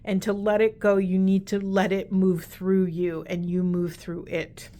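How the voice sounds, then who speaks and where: A woman talks straight to her viewers during a spiritual card reading. She speaks in an earnest, meandering way and grows gently emotional at times. Her voice sits at a middling pitch. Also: little pitch movement, a little slow. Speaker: tarot and oracle card reader.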